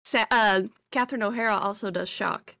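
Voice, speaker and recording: A woman co-hosting a casual movie podcast, enthusiastic, with quick interjections. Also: medium pitch, bright, forceful tone, dry recording, studio quality. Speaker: podcast co-host.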